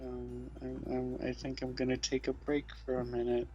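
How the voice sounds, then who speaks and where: A man playing a video game on stream, talking in dry, deadpan, mock-weary banter. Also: mid-range voice, normal speed, breathy edge, muffled recording, soft background music. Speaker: let's play streamer. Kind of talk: casual gaming banter.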